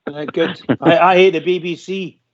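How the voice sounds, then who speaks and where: A man phones in to a radio show as a caller, chatting casually in a rambling, emphatic way. His voice is a little high, with a steady tone and normal speed. The phone-in audio sounds muffled and lo-fi.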